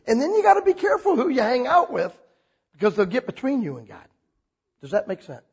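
A man preaching a sermon as a pastor, telling stories with lively acted-out quotes. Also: brisk, husky, dull audio. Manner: animated storytelling, acts out quotes with big pitch jumps.

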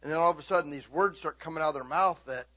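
A middle-aged man preaching a sermon as a pastor. He tells stories with lively energy, breaks into sudden high shouts, and keeps checking in with his listeners. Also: rapid-fire. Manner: animated storytelling, sudden high shouting bursts.

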